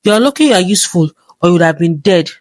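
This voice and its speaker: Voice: mid-range voice, animated, fast talker, no room sound, natural voice. A cruel, scheming woman talks down to her captive with harsh contempt, voiced by a storyteller. The reading stays close and dry. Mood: contemptuous.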